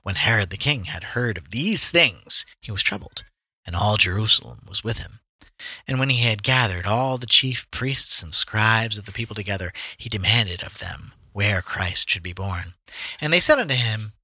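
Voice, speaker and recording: A man reads archaic verses aloud in a relaxed, joking manner, his voice very bright and cutting. His tone rises and falls a lot, and the sound is dry and close with no room echo. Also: lowish voice, moderate pace, breathy edge. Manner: reads archaic verses plainly, breaking off to joke. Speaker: reader among friends. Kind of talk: casual reading aloud from scripture.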